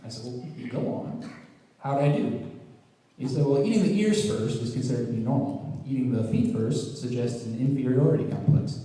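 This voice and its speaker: A man performing a stand-up comedy routine, telling stories with quick deadpan punchlines. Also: mid-range voice. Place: talent show stage in a hall. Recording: echoey hall from far off, audience laughter. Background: audience laughing.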